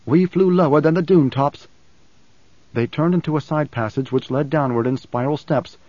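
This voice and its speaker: A man reading a novel aloud in steady, even audiobook narration on a close mic. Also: medium pitch, no room sound. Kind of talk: scripted narration. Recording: slightly dull dry studio recording.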